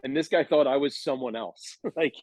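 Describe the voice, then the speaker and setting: A man's voice: medium pitch, moderate pace, a little mellow, no echo. A man in his thirties telling a long, rambling story on a podcast, laughing as he goes. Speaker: podcast guest. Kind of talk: casual chat, storytelling.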